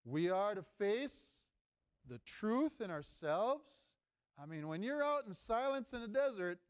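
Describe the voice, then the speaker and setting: A priest delivers a homily in a conversational preaching style and keeps asking his listeners questions. His voice sits high for a man and comes out clear and ringing. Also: sing-song, measured pace. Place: seminary chapel.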